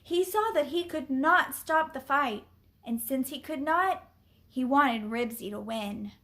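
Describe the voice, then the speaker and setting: Woman reader for a children's chapter book, high clear voice, unhurried and expressive. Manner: expressive, deliberate. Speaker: story reader. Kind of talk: children's book read-aloud.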